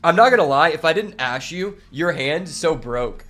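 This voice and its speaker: A man chats while playing a card game, spinning a long story full of fillers and curse words. His voice sits a touch high for a man. Soft guitar music plays underneath. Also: animated, moderate pace. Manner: rambling, swears freely, many fillers. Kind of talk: casual storytelling while gaming.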